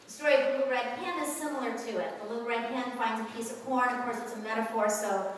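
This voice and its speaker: A woman's voice: fairly high pitch, fairly even intonation, fast, slight background noise. A woman giving a public talk to an audience, telling stories earnestly with frequent fillers. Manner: earnest, storytelling with many fillers. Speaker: speaker at a lecture. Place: large echoey hall. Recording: echoey hall, voice from far off.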